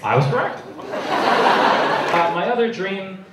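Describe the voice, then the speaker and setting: A young man in his twenties doing a profane, self-mocking stand-up comedy routine on a club stage, with an animated delivery. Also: high-pitched, slow, very noisy. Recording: echoey comedy club, distant mic, loud crowd. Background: loud audience laughter.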